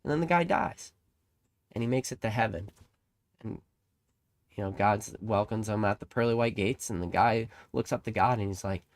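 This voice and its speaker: A young man with a fairly low voice gives a casual, rambling monologue as a trading card channel host. He gets emphatic, swears freely and slips into acted-out voices while telling stories. The sound is dry and close. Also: moderate pace, no room sound.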